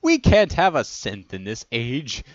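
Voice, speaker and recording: A man's voice: mid-range voice, huge pitch swings, a little slow, no echo. A man voicing a fussy male nitpicker who keeps objecting, on a dull, dry recording. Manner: fussy, complaining.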